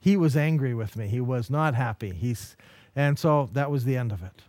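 A man's voice: mid-range voice, moderate pace, a little mellow, dry recording. A man giving a Christian mission lecture in a conversational, storytelling manner, with rhetorical questions. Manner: anecdotal, acts out quoted dialogue while storytelling. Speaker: lecturer teaching a mission course.

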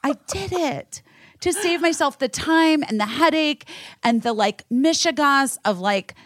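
A woman from the United States hosting a podcast, telling a story in a profane, animated rant. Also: sits high, a little slow, no room sound, clean studio sound. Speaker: podcast host. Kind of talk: casual podcast chat.

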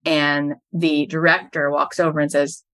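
A woman's voice: sits low, flat delivery, measured pace, a bit bright. A middle-aged woman, a podcast host and business coach, telling stories as a guest in an interview and building each anecdote to its punchline.

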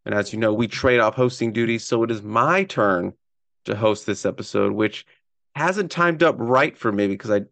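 Hoarse, excitable male podcast host. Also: lowish voice, moderate pace, no echo. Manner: rambling, excitable, with restarts. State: hoarse, strained voice. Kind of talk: casual sports podcast chat.

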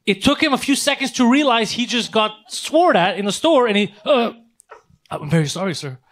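A man in casual chat, telling an animated, profane story and acting out angry exchanges. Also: very high-pitched, normal speed.

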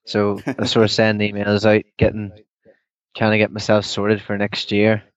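A young man with a Northern Irish accent, soft-spoken and relaxed, laughing easily as he chats. His voice sits fairly low and comes through a dull, lo-fi remote line with a dry sound. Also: moderate pace, no echo. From Northern Ireland. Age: young adult. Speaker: guest, downhill mountain bike racer. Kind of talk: casual interview chat.

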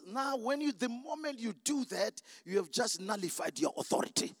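A preacher in a church, with a strikingly high voice that leaps up and down. He shouts his points and calls for the congregation to answer back. A long reverb trails behind his words. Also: animated, fairly quick, few pauses, clean studio sound. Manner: emphatic, shouting, call-and-response. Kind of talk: sermon.

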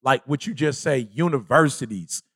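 A man's voice: mid-range voice, normal speed, vocal fry, a bit bright, a little hiss or hum. A man hosting a casual podcast as a life coach, talking emphatically and preachily, repeating himself and calling his friends "bruh".

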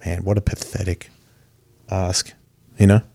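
A man's voice: deep voice, level tone, unhurried, vocal fry, warm tone. Profane rambling man podcasting alone. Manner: profane, meandering and self-mocking. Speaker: podcast host. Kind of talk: rambling solo podcast monologue. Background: cat purring and moving nearby.

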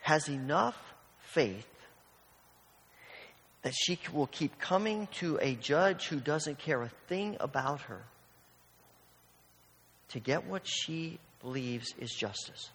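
Brief: male pastor, slightly high voice, conversational sermon, acts out little scenes, long hall reverb. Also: lively intonation, takes it slowly, pauses often, a bit bright. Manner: storytelling with acted-out voices, conversational.

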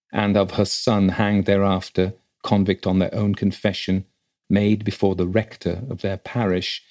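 A man reading a classic ghost story aloud in a measured, dramatic way. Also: low-pitched, darkish tone. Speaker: story reader.

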